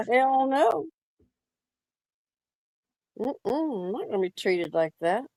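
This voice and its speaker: A woman's voice: high-pitched, very animated, extremely slow, warm tone, no room sound. A woman joining a live panel as a guest, speaking bluntly in casual chat.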